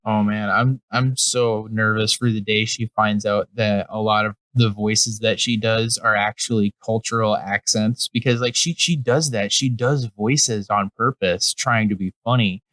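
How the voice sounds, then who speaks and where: A man's voice: on the low side, steady tone, unhurried, hardly any pauses, a bit bright, no room sound, rough recording. A young man co-hosting a comedy podcast, chatting casually, rambling and swearing freely with frequent laughs. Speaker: podcast co-host.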